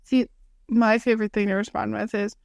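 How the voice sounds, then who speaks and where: A young woman co-hosting a podcast in casual chat, talking fast and loose with lots of "like" and quoting her own comebacks. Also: medium pitch, flat delivery, creaky, a little mellow, no echo, clean studio sound. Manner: chatty, full of "like", quoting her own retorts. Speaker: podcast co-host.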